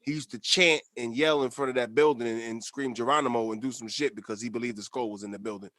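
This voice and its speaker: A man's voice: mid-range voice, fairly even intonation, fast, pushed and bright, no echo. A man co-hosting a casual podcast, laughing often and swearing in loose, joking talk. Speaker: podcast co-host.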